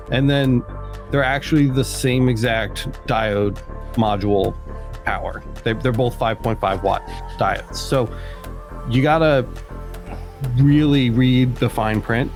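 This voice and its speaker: Man, podcast host, relaxed banter and clear explanations, mid-range voice. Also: medium pitch. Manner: upbeat, joking, explanatory. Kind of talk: casual podcast chat.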